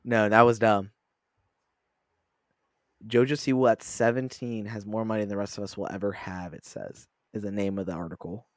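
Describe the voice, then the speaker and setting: A man's voice: lowish voice, fairly even intonation, moderate pace, no room sound, clean studio sound. A man co-hosting a casual podcast, reading articles aloud and joking at his own expense. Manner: self-mocking, reads articles aloud. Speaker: podcast co-host. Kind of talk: casual chat.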